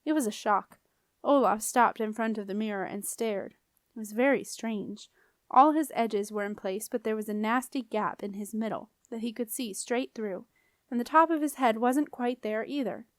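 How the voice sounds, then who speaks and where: A woman reads a children's novel aloud in a calm, clear and expressive way. Her voice sits fairly high and the recording is close and dry, with no room around it. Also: normal speed, no echo. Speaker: audiobook reader. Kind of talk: storybook narration.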